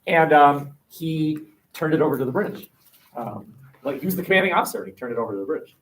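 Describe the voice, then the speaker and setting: Animated jokey history teacher. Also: male voice, on the high side, fast talker, a little hiss or hum. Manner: jokey, acts out quotes, many fillers. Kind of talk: lively classroom lecture. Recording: voice from far off the mic in a classroom.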